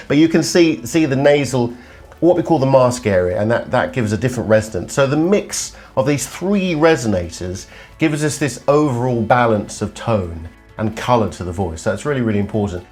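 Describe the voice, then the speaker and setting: A middle-aged man teaching vocal technique as a coach, breaking off to hum and intone examples. His voice sits at a mid pitch, and faint music plays quietly behind him. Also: lively intonation, normal speed. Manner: demonstrative, hums and sings examples. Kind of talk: vocal exercise lesson.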